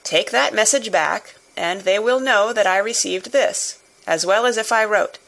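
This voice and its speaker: A woman's voice: medium pitch, a little slow, creaky. A woman reading a composed male bank clerk. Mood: calm, businesslike. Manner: quiet businesslike confidence.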